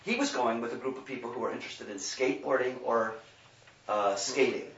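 A man's voice: mid-range voice, fairly quick, heavy background noise. A man in his fifties preaching, who acts out his own inner questions. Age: 50s. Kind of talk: sermon. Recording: echoey hall, distant mic, dull sound.

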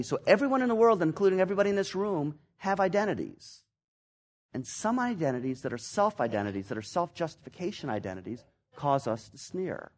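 Animated husky-voiced male preacher. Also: a little high. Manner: animated, acts out voices in quotes, swings from loud to near-whisper. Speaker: pastor. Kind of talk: sermon.

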